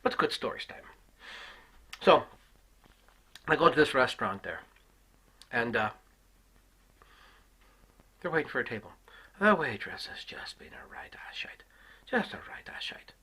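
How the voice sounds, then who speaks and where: Husky, swearing man on a storytelling rant. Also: medium pitch, big pitch swings, measured pace, long pauses, in a whisper, poor audio. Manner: swearing heavily, swinging from shouts to hushed asides. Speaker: comic ranter. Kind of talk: profane comic storytelling rant.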